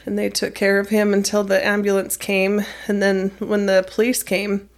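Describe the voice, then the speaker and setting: A woman teacher calmly recounting a personal experience in an interview, measured and plain-spoken. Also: mid-range voice. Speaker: middle school math teacher.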